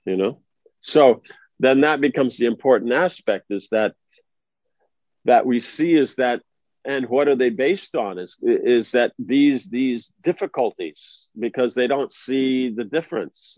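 A man's voice: medium pitch, unhurried, darkish tone, no echo. Male spiritual teacher, mid-range voice, chatty discourse, dry lo-fi sound. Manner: conversational, asks listeners if they follow. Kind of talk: informal religious discourse. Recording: dry, slightly dull lo-fi recording.

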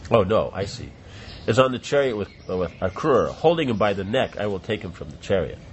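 A man reading the lines of a lovesick young woman, exclaiming and lamenting in his own lowish voice. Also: very animated, fairly quick, highs cut off, slight background noise.

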